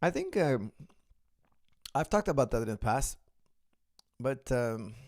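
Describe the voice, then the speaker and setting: Earnest gravelly-voiced man coaching viewers. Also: mid-range voice, very animated, slow, a little mellow, no room sound, studio quality. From the West. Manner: earnest, philosophical, addresses viewers as guys. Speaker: martial arts coach answering viewer questions. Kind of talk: casual Q&A monologue.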